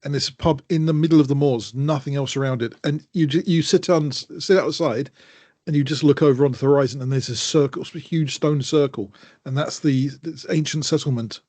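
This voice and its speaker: A man's voice: a little high, a little fast, darkish tone, no room sound. Teasing enthusiastic male podcast co-host. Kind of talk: casual chat.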